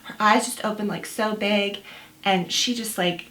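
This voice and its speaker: Young mom vlogger rambling along, chatty, lots of um and like, roomy echo. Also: female voice, medium pitch, unhurried, a bit bright. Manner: chatty, many fillers and quoted asides. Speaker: vlogger, new mother. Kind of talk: casual storytelling.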